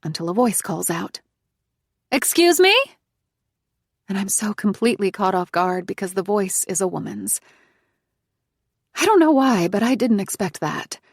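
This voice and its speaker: A woman narrating a psychological thriller audiobook in the first person, in a tense, hushed manner. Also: on the low side, dry recording, studio quality.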